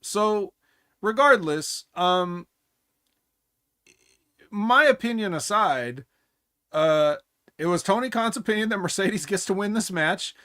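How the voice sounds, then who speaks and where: Blunt high-voiced man, dry sound. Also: animated, slow, long pauses, pushed and bright, no room sound. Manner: blunt, opinionated, swears freely. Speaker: podcast co-host. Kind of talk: casual wrestling chat.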